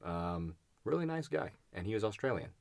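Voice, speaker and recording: A man's voice: fairly low pitch, sing-song, moderate pace, vocal fry, no echo. A young man co-hosting a podcast, chatting casually and rambling with lots of fillers and restarts. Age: young adult. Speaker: podcast co-host. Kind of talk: casual chat.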